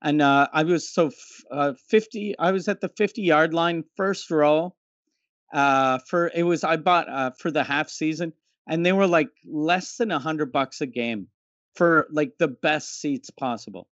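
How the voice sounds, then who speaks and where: A man chatting casually on a podcast, talking in halting bursts and restarting his sentences often. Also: fairly high pitch, a bit bright, no echo. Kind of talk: casual chat. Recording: dull lo-fi mic.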